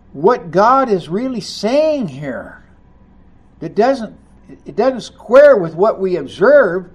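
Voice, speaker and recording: Guy preaching a sermon, reads the verses then talks them through, slow and animated. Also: sits high, breathy edge. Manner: expressive, rising to loud emphasis on key lines; reads scripture aloud and comments between passages.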